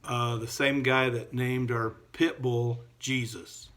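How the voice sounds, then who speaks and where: A man voicing a cheeky male pet parrot in a told joke, with a deadpan delivery. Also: medium pitch, slow pace.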